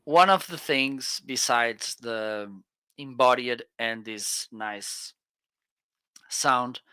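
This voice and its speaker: A Portuguese-accented man co-hosts a live shopping stream, speaking slowly into a close dynamic mic. His voice is bright and smooth, and the sound is dry and intimate. He keeps checking in with the audience with an eager "okay?". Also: mid-range voice, no room sound. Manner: enthusiastic, frequent "okay?" check-ins. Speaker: livestream co-host. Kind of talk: casual product review. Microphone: close studio dynamic mic.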